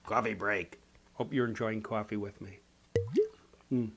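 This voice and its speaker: Nursing a cold, a Chicago-area painting instructor answers viewer comments in a relaxed, rambling, folksy way, saying "you know" often in his Chicago accent. His fairly low voice stays steady and unhurried, with background noise behind it.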